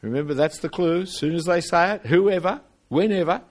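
An older man preaching a sermon, emphatic, asking rhetorical questions and swinging widely in pitch and loudness. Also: brisk.

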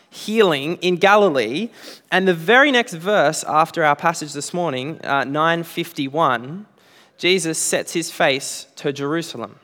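A man's voice: a little high, a bit bright. A man, preaching a sermon in a conversational way with frequent "uh" fillers. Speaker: pastor. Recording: long reverb in a hall.

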